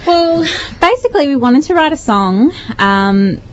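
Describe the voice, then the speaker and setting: A woman's voice: high voice, sing-song, measured pace, a little hiss or hum. A young Australian woman, a singer guesting on a radio show, chatting casually and telling stories with lots of giggles. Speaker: singer in a duo, studio guest. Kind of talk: casual radio interview chat. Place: radio studio. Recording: dull lo-fi radio recording.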